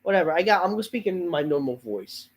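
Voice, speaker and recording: A fed-up male host of a wrestling review show rants through his review in a rough recording, his voice sitting high as he talks fast and animatedly. He's under the weather, swearing and sighing along the way.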